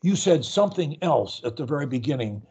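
A man's voice: a little high, lively intonation, a little fast, darkish tone, breathy edge. A man coaching speech in an earnest, emphatic way, often repeating words. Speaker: stuttering coach. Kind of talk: coaching session.

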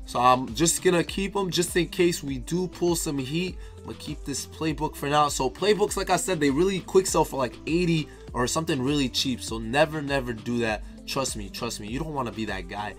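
A man's voice: fairly high pitch, a little fast, few pauses, faint music behind. A man giving casual, hyped commentary while opening packs in a video game, talking straight to his viewers and repeating phrases. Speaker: gaming YouTuber.

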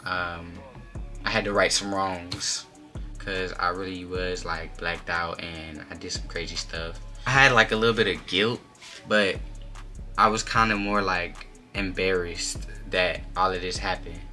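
Bright-voiced young man telling a story. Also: deep voice, measured pace, soft background music. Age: young adult. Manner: animated, slangy, many filler "like"s. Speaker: vlogger. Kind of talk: casual storytime.

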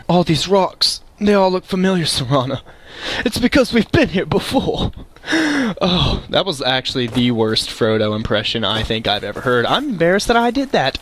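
A man giving chatty, excitable let's play commentary, talking to the game's creatures. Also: mid-range voice, slight background noise. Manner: excitable, chatty, talks to game animals. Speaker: game streamer.

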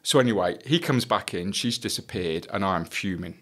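A man's voice: low-pitched, lively intonation, moderate pace, a bit bright. A middle-aged man, a former police detective, telling a story on a podcast in a blunt way, swearing freely and acting out the dialogue.

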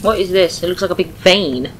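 A British woman playing a video game, cursing, shouting at her character and laughing as she plays. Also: fairly low pitch, brisk, a little hiss or hum, rough recording. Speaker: gaming streamer. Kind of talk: casual let's-play commentary.

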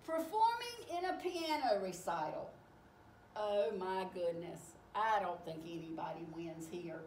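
Animated woman reading a picture book aloud. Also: medium pitch, unhurried. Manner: animated and expressive. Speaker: storyteller. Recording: echoey room, distant mic, faint hiss.

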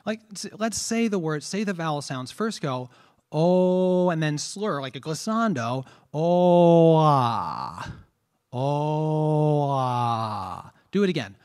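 Rhetorical trombone teacher giving a masterclass. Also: male voice, sits high, darkish tone. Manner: explanatory, asks rhetorical questions, demonstrates sounds. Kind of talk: masterclass lecture.

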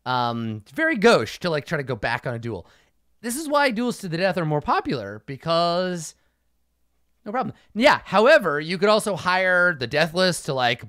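A man running a casual livestream Q&A as game master, blunt and profane, tossing off quick mock dialogues. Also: fairly high pitch, big pitch swings, fairly bright tone, no room sound, clean studio sound. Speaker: game master answering fan questions.

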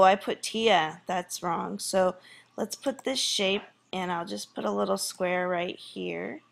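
A woman's voice: mid-range voice, gravelly. A woman teacher walking through a screen tutorial in a casual way, thinking aloud with fillers.

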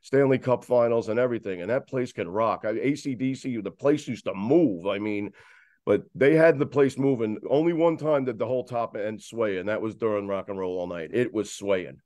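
A man chatting casually as a guest, telling a long story in a lively, rambling way with many restarts. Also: lowish voice, normal speed, no room sound, studio quality. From New York. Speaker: guest describing a concert. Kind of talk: casual chat.

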